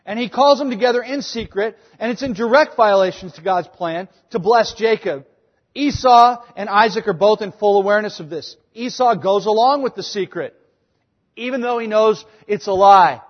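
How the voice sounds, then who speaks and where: A male pastor delivering a sermon, emphatic and chatty by turns. His voice is high and a little husky. It carries a long hall reverb on a dull, muffled recording. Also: normal speed. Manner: emphatic, conversational, switching between loud points and quiet asides.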